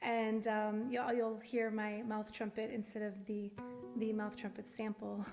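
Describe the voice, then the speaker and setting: A woman's voice: mid-range voice, completely flat delivery, measured pace. A woman musician chatting casually and with a giggle between songs at a live event. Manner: giggly, informal. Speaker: musician and host. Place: live performance venue. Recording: long reverb with music behind.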